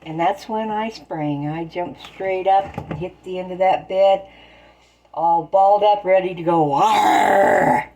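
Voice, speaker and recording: Baking at home, a storyteller spins folksy yarns in down-to-earth rural expressions. She speaks a little slowly in a warm, lowish voice over poor audio.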